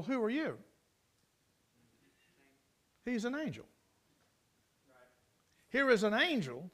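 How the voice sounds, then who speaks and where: A man's voice: very high-pitched, fairly bright tone. A man preaching a sermon, telling stories in a folksy, emphatic way and repeating key phrases. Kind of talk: storytelling sermon.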